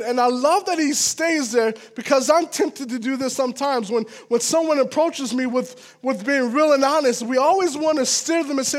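A man's voice: very high voice, moderate pace, hardly any pauses. A man preaching a conversational sermon as a pastor, casual and earnest, checking in with listeners as he goes. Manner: casual and earnest, with frequent "all right?" asides.

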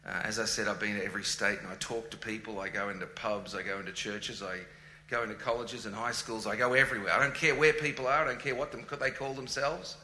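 A man's voice: fairly low pitch, steady tone, fast talker, sharp tone. A man in his forties with an Australian accent, chatting as a guest in a casual, joking, self-deprecating way. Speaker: guest musician. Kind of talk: casual conversation. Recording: echoey room with faint ambient hum.

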